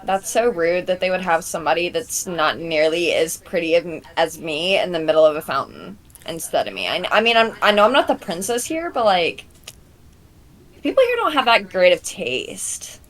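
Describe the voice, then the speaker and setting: A woman's voice: on the low side, very animated, normal speed, fairly bright tone. A woman voicing a vain, sassy young princess character in a tabletop game, haughty and sarcastic. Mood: indignant.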